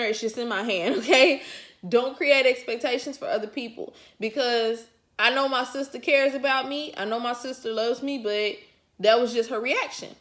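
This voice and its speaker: A woman's voice: fairly high pitch, a bit bright. A woman vlogger telling a personal story to her viewers in casual, colloquial chat, chuckling often as she talks. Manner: talks straight to the audience.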